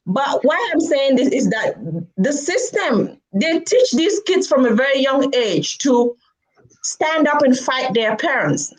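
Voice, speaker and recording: A woman's voice: high voice, measured pace, poor audio. A woman vlogger telling a story and giving her views to camera, acting out the people in it. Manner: animated, acts out quoted people.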